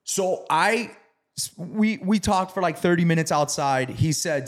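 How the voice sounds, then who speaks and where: Male storyteller, casual and profane, animated when quoting others. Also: on the high side, measured pace. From South Florida. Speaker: real estate investor.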